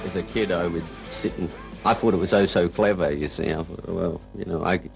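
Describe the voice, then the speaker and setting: A male rock guitarist reminiscing in a casual interview, rambling and halting and saying "you know" again and again. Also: deep voice, steady tone, gravelly, darkish tone, soft background music, low-quality recording.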